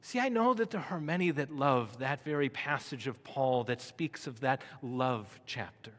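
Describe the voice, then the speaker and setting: A man preaching a sermon, asking the congregation rhetorical questions, swelling to emphatic peaks and then dropping low and soft. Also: sing-song, normal speed, few pauses. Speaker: pastor. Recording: long reverb of a large hall.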